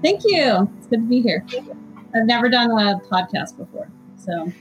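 A woman's voice: a little high, expressive, moderate pace, faint music behind. A woman author being interviewed, answering modestly and hesitantly, with many fillers. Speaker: author, guest.

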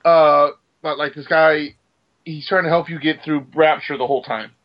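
A man co-hosting a podcast, telling a story in an excitable, rambling way. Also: on the high side, moderate pace. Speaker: podcast co-host. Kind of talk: casual podcast chat. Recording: dull lo-fi sound.

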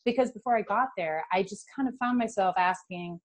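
A middle-aged woman from California, guest in an interview, telling a personal spiritual story in an animated, emotional way. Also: mid-range voice, quick pace, few pauses.

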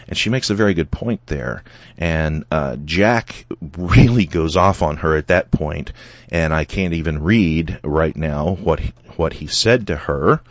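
Low-voiced male podcast host, dull audio. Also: unhurried, dry recording. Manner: recounting online comments, reading quotes aloud, many fillers. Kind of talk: solo podcast monologue. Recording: dull lo-fi dry sound.

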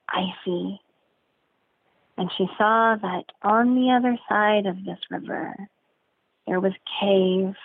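A woman telling a folk story in a slow, deliberate way, dwelling on sensory detail. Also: medium pitch, dry recording. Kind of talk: told folk story, guided narration. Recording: narrow phone-like sound, dry.

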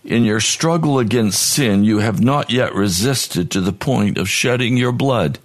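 A man's voice: on the low side, unhurried. A man preaching a sermon as pastor, earnest and at times pleading in prayer.

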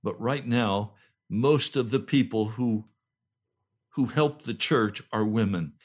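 An older male pastor, slightly hoarse, preaching a fervent sermon that swings between loud pleading cries and low, intense urging. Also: slow. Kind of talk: impassioned home sermon video.

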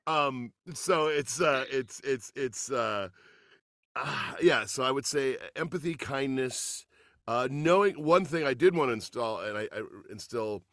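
A middle-aged man and voice actor chatting as an interview guest, lively and prone to acting out quotes. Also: medium pitch, unhurried, dry recording, studio quality. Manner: animated, slips into voices and shouts for quotes. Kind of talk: casual interview chat.

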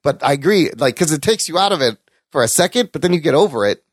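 A man co-hosts a podcast in loose, profane banter. His voice sits a bit high and swings widely in pitch. The sound is dry and close to the mic. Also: fast talker, no room sound. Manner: animated, profane banter, reads listener comments. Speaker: podcast co-host. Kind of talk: casual chat.

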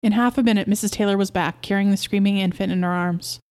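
A woman hosting a podcast reads a short story aloud. Her narration is steady and even, at a middling pitch. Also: quick pace. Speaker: podcast host reading a story.

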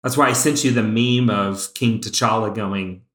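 A man co-hosting a casual chat, an excited fan who talks in bursts, now fast, now slow. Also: fairly low pitch. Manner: excited fan, speeds up and slows down. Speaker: podcast co-host. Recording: roomy echo.

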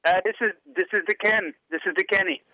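A man doing a halting German-accented young racer. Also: high voice, bright, forceful tone, no room sound, voice pushed up, low-quality recording. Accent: German (put on). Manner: halting broken English, many fillers and restarts.

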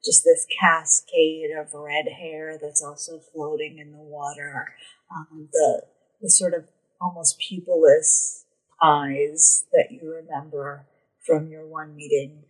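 A woman narrating a tabletop role-playing game as game master, describing scenes at an unhurried pace. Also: deep voice, flat delivery, low-quality recording.

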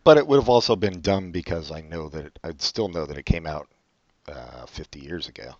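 A man co-hosting a casual podcast chat, sarcastic and teasing, often trailing off quietly. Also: low voice, animated, fairly quick, no echo. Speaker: podcast co-host. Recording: dull lo-fi audio.

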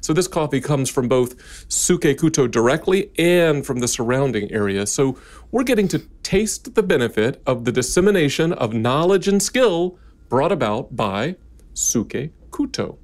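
A man's voice: mid-range voice, expressive, normal speed. Chatty man co-hosting a podcast. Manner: chatty, playful, explains at length. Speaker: podcast co-host. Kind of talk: casual chat.

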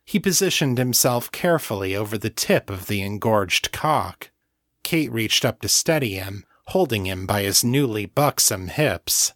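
Male audiobook narrator, slow and measured, dry close sound, mid pitch. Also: animated, a bit bright, no echo. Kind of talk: scripted narration.

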